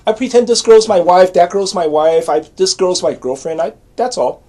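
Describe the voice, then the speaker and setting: Guy in his 40s rambling to camera, blunt, repeats himself, voice on the high side. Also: moderate pace, warm tone. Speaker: channel host. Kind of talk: casual monologue to camera.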